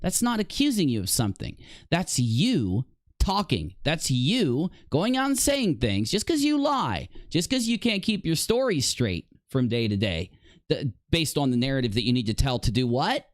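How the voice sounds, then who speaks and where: A man's voice: mid-range voice, big pitch swings, normal speed, dry recording, studio quality. A man hosting an online commentary video, confronting his opponent directly in a mocking, combative way. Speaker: commentary host.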